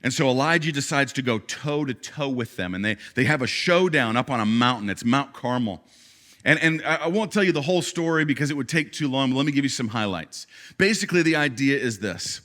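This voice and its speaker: A man preaching as a pastor during a church service narrates with lively energy, sliding from hushed asides up to loud, emphatic high points. He speaks briskly at a medium pitch, often restarting and repeating words.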